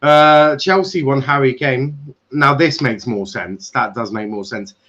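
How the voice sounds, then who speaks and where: A man's voice: mid-range voice, measured pace, a bit bright, dull audio. A man hosting a casual football transfer live stream, laughing often and swearing sarcastically.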